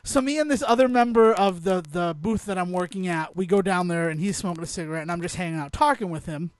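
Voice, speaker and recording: High-voiced man laughing through a story. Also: quick pace, no echo. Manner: laughs through his stories, swears freely. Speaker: podcast co-host. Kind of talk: casual chat, storytelling.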